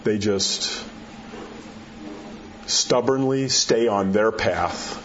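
Man preacher, folksy storyteller, sinks to hushed tones for emphasis, a little muffled with faint room hum. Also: fairly low pitch, very slow. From New Mexico. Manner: folksy storytelling, drops to a soft hush at key words. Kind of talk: sermon.

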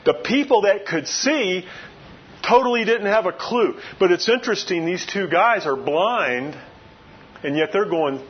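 A man's voice: sits high, lively intonation, unhurried, dull audio, a little hiss or hum. A man preaching a sermon, retelling a story in a loose, conversational way with frequent asides. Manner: conversational storytelling with many "you know" asides. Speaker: pastor.

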